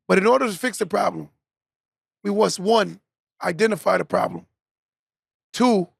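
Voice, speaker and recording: A man's voice: high voice, creaky, slightly rough, dry recording, studio quality. A young man hosting a podcast, delivering a preachy motivational monologue and tagging points with "right?". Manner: preachy, repeats "right?" as a tag. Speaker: podcast host.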